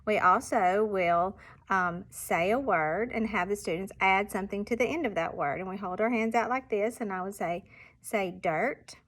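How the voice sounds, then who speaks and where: Speaking at a normal speed in a slightly bright, mid-range voice, a primary school teacher walks parents through reading exercises. She sounds out example words patiently and stresses them clearly.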